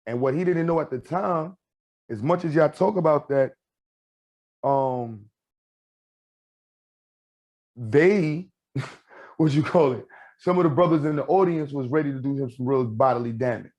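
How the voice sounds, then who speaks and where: In a relaxed podcast conversation, a man with a slightly high voice tells stories at a normal speed. He's animated and acts out what people said as he goes.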